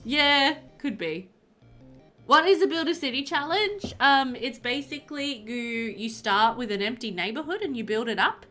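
A woman's voice: high-pitched, lively intonation, normal speed, sharp tone, faint music behind. A young woman chatting casually on a livestream as a streamer and new mum, talking in a chatty, giggly way with lots of fillers. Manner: chatty and giggly, many fillers like "like" and "um", reads chat aloud. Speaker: game streamer and new mother.

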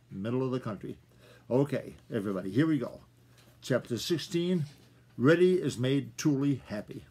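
Husky grandfather reading a storybook. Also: medium pitch, a little mellow. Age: older. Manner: folksy, chatty asides to listeners. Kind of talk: reading a children's story aloud.

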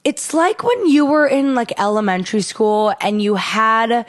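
Animated young woman telling stories. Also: fairly high pitch, unhurried. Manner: animated storytelling, acts out voices in quotes. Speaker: podcast co-host. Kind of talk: casual chat.

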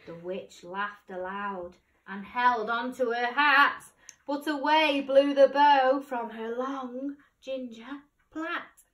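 A woman teacher reading a picture book aloud, expressive, dropping to whispers and rising to loud cries. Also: high voice, takes it slowly. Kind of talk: storybook read-aloud. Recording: roomy, distant mic.

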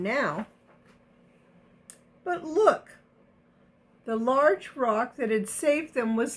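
A woman reading a picture book aloud to children, gently stopping to explain words and ask questions. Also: fairly high pitch, expressive, slow pace, pauses often. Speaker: storybook reader.

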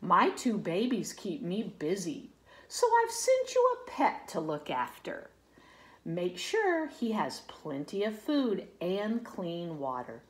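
A woman's voice: medium pitch, wildly swooping pitch, slow. A woman voicing a caring mother brown bear in a storybook read-aloud. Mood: motherly.

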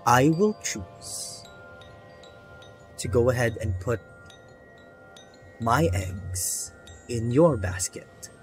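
A man voicing a weary, measured human with glasses who speaks slowly and deliberately. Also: mid-range voice. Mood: resigned. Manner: slow, deliberate, resigned. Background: faint ambient music.

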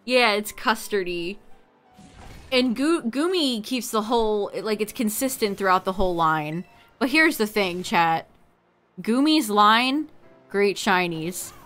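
A woman live-streaming, talking to her chat in an unhurried, casual way. She laughs often as she chats. Faint music plays quietly behind her voice. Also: mid-range voice, expressive.

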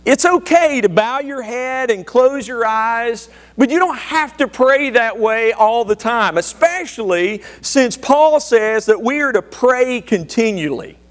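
A man's voice: very high voice, animated, a little slow, hardly any pauses, fairly bright tone. A man preaching a sermon, telling a folksy joke story and calling out questions to the congregation. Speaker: pastor.

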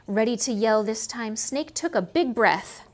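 Canadian lady reading to little kids, lively singsong, kinda high. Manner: slow, sing-song, asks kids questions. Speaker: museum children's educator. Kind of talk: storybook reading and lesson for small kids.

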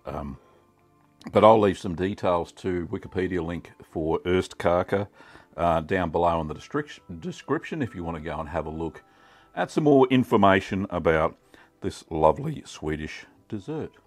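A middle-aged Australian man hosting a casual cooking vlog, chatty and relaxed with many ums. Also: sits low, moderate pace, faint music behind. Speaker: cheesemaking channel host.

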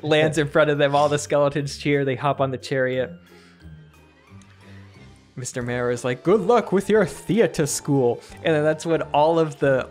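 A man co-hosting a comedy podcast, improvising a story and jumping into squeaky character voices for the figures. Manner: acts out characters with sudden high-pitched voices. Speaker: podcast co-host.

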